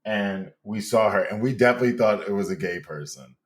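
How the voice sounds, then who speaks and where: Loud campy New York man. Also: lowish voice, brisk. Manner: loud, campy, laughs often. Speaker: podcast guest. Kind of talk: animated storytelling.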